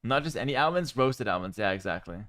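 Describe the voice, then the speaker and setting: Smooth-voiced man chatting on stream. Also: medium pitch, fast talker, no echo, clean studio sound. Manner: relaxed and chatty, with frequent fillers. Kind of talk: casual livestream chat.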